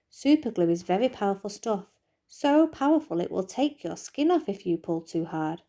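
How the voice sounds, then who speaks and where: Teacher lady reading a kids' book aloud, lively and expressive, bit of fry in her voice. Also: mid-range voice.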